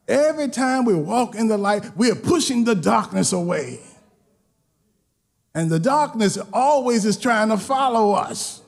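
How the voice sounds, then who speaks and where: A man preaching a sermon as pastor, repeating phrases and building toward shouted emphasis. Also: high-pitched, animated, normal speed, creaky.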